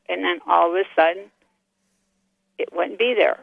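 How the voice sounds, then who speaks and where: An older woman tells a ghost story over a tinny, dry phone line, her voice gravelly and worn. She talks in a chatty, animated way, acting out every exchange. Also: on the low side, moderate pace, no echo. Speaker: caller. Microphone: telephone.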